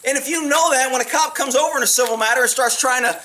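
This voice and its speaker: High-voiced blunt cop telling stories. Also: male voice, fast talker, distant mic, slight background noise. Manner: blunt, profane, animated. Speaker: police officer vlogger. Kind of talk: casual storytelling monologue.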